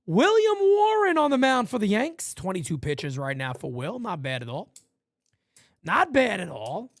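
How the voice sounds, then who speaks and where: A man from New York hosting a live fan play-by-play stream, blunt and profane, swinging from loud calls to low asides. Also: wildly swooping pitch, moderate pace, no room sound, clean studio sound. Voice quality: profane, blunt street talk.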